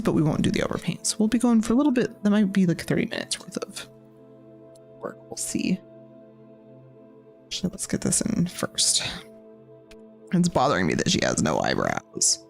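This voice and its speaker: A woman's voice: on the low side, a little mellow. A woman chatting casually on a live stream as she paints, thinking aloud and rambling with lots of filler words. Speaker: artist and cast member drawing on a live stream.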